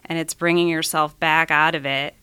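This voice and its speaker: Woman with a smooth, bright voice. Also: sits low, flat delivery, moderate pace. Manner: earnest, explanatory. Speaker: podcast co-host. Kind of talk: casual chat.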